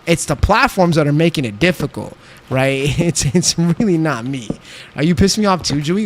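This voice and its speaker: A man's voice: high voice, lively intonation, a little fast. A young man streaming a game, chatting casually and talking back to his chat while he builds. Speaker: livestreamer.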